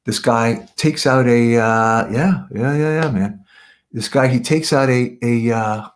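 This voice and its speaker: A man's voice: medium pitch, takes it slowly. A man from Canada, a voice artist being interviewed, telling a story in a rambling, self-correcting way and often repeating "yeah, yeah".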